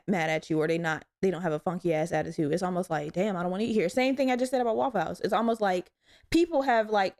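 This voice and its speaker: Young woman host, casual solo podcast rant, blunt and profane, mid-pitched. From Virginia. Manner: candid, profane, animated storytelling.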